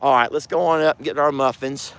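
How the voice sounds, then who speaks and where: A man's voice: steady tone, fairly quick, a bit bright, clean tone. A man hosting a casual farm vlog, sweet-talking his animals. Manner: coos at animals in sweet, high baby talk. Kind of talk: casual chat.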